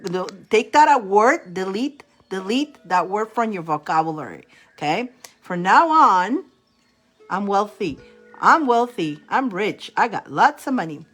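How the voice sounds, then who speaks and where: A woman's voice: mid-range voice, expressive, measured pace, fairly bright tone, faint music behind. A woman reading tarot cards on a live stream, chatty and encouraging. She laughs often and repeats mantras aloud. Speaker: tarot card reader.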